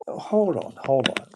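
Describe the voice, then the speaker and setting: A man's voice: mid-range voice, vocal fry, heavy background noise. A man hosting a casual livestream, rambling and repeating his words, often breaking into disbelieving exclamations. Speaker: livestream host.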